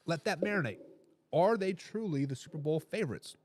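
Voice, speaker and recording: Man, sports talk host, high-pitched, emphatic, repeats himself for effect, dry close sound. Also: lively intonation, a little fast, dry recording. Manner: reads viewer comments aloud with a laugh. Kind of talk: live sports talk show.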